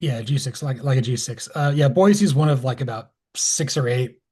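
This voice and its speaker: A man co-hosting a college football podcast, relaxed and self-deprecating, steering the talk between topics. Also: medium pitch, moderate pace, slightly rough. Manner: relaxed, self-deprecating, moves the show along. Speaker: podcast co-host. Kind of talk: casual sports chat.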